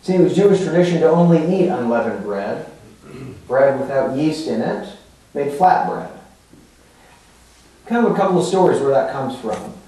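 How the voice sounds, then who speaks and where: Heard from far away in an echoey sanctuary, a male pastor preaches and explains scripture in a fairly high, mellow, expressive voice. He moves at a moderate pace with long pauses, teaching conversationally with fillers and rhetorical asides.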